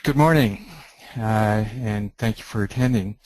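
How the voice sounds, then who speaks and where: A middle-aged Canadian man, a heritage planning consultant, presenting a webinar in a measured, explanatory way. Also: fairly low pitch, darkish tone, a little hiss or hum, poor audio. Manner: measured, explanatory, with some restarts.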